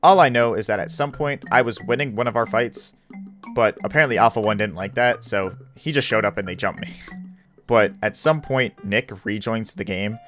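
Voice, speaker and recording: A man's voice: fairly low pitch, normal speed, a bit bright, faint music behind. A man giving casual, wry narration over his gameplay as a gaming YouTuber. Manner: wry, laid-back storytelling.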